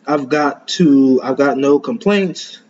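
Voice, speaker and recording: A man voicing a short, smug male devil who mocks the hero, speaking slowly and drawn-out. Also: mid-range voice, a little mellow, highs cut off, pitched below the performer's own voice, natural voice.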